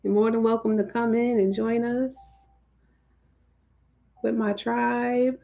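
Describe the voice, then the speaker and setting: A woman's voice: a little high, flat delivery, slow, gravelly, highs cut off. A woman hosting a live stream, greeting her viewers by name in a casual, chatty way. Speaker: livestream host.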